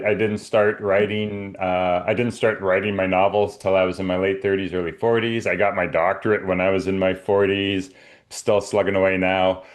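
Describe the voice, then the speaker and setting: A middle-aged man from Canada sits in as a guest writer on a talk show. His voice sits a bit low, and he hesitates, restarts and pokes fun at himself. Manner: hesitant, laughing, self-deprecating. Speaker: guest, science fiction writer. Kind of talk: casual roundtable chat.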